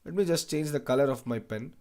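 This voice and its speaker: A man's voice: medium pitch, quick pace, darkish tone. A young man teaching an online exam-prep lecture, repeating phrases and asking "right?" after most lines, with Hindi asides. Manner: mixes English with Hindi asides. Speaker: educator.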